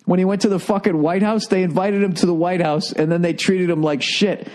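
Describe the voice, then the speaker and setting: A man's voice: sits high, normal speed, a little mellow. A middle-aged man hosting a podcast, ranting with exasperated, profane comic energy. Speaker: podcast host. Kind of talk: comedic rant.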